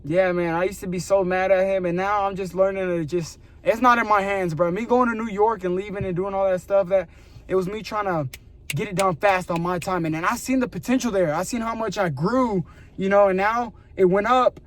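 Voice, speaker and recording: A young man with a fairly high voice rants earnestly to the camera in a loose, rambling vlog. He fills his talk with casual slang and asides. When he quotes his own complaints to God, his voice drops low and tired. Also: steady tone, brisk. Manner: rambling, earnest, lots of filler like "bro" and "you know"; slides into a lower, weary voice when quoting himself talking to God. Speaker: vlogger. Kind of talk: casual motivational rant to camera.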